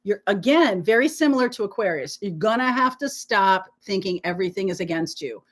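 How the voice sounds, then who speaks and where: Woman, tarot reader, live stream host, sore throat, clears throat often, reassuring, emphatic. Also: medium pitch, lively intonation, a little fast. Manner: reassuring, emphatic, peppered with "okay?". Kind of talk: live tarot reading, chatting with viewers.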